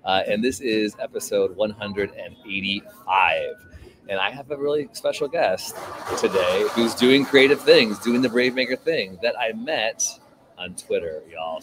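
A man's voice: on the low side, rough recording. A man hosting a live podcast, talking in an upbeat, informal, chatty way from a coffee shop over a video call. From San Francisco Bay Area. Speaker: podcast host. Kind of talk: casual live podcast chat. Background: coffee shop crowd chatter.

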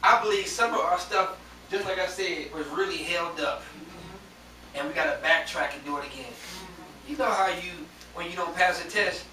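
High-voiced preacher man, echoey church. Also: normal speed. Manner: call-and-response preaching, rising to shouts. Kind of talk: sermon. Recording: echoey church, distant mic, faint hiss.

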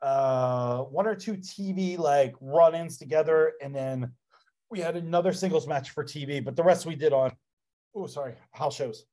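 A man with a somewhat high voice tells wrestling-era stories in a loose, animated way. He strings his thoughts together with frequent filler words, giving the talk a casual, conversational flow. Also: normal speed. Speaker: interview guest, pro wrestler. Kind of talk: casual anecdotal storytelling.

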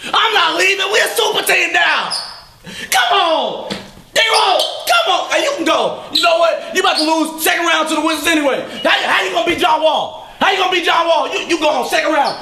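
A man impersonating a loud, cocky basketball star who trash-talks his teammates in a very high, bright voice with lively swings. He yells constantly, and the echo of a bare room rings around him. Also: fairly quick, gravelly, slight background noise, full character voice. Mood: mocking. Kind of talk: comedy sketch. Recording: echoey room.

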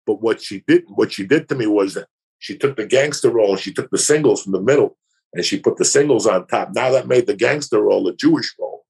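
Speaking on the low side, a little fast and a little mellow, a comedian guest rambles through a profane podcast story. He acts out the others' voices in a gravelly, husky tone.

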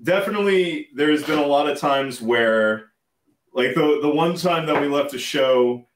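A man's voice: on the high side, animated, unhurried, reverberant, far from the mic. A man, a guest from a band, recounting a story in a casual, rambling way and laughing as he goes.

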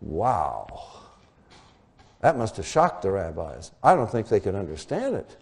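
A man preaching a Bible teaching sermon in an animated way, often rising to excited high exclamations. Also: a little fast.

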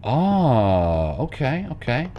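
A man's voice: medium pitch, huge pitch swings, drawn-out words, highs cut off, noisy background. Jumpy, rambling gaming host, man. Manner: rambling, jokey, jumpy and nervous. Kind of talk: casual let's play commentary.

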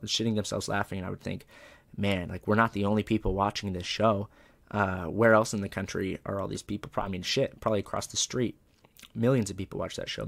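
A man's voice: sits low, gravelly. A young male comedian telling loose, profane stories in a casual, rambling way. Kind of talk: casual storytelling interview.

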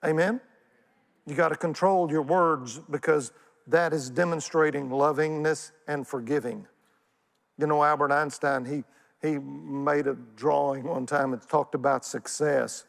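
A Texan man preaching in a church, his fairly high voice carrying a long reverb through the room. He speaks in a folksy, animated way and keeps drawing the congregation into call-and-response. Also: a little slow, vocal fry. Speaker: pastor. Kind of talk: sermon. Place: church sanctuary.

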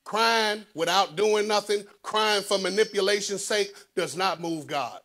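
Preacher, man, fairly high voice, surges loud then drops to a hush. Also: a little slow, hardly any pauses. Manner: preaching with sudden loud rises and low hushed asides. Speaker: pastor. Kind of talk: sermon.

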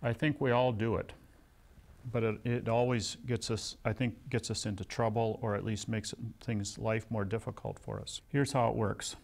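Gravelly older man lecturing. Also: lowish voice, level tone, moderate pace, a little mellow. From United States. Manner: conversational, anecdotal, self-deprecating humor. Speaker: seminary lecturer. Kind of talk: classroom lecture with personal stories.

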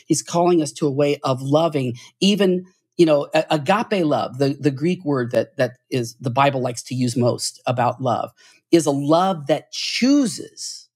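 A man speaking as a guest on a podcast, earnest and preachy, stumbling through restarts and rising in pitch when moved. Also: animated, measured pace, darkish tone, husky. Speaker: podcast guest, church author. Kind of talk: podcast interview.

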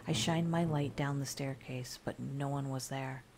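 Female storyteller with a low, gravelly voice, reading a scary story in a calm, soft-spoken ASMR style. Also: measured pace, a little hiss or hum.

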